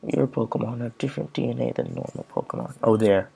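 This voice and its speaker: A man's voice: medium pitch, brisk, gravelly, hardly any pauses, a little mellow, husky. A man commentating on his gameplay and reading game dialogue aloud in a loose, offhand way.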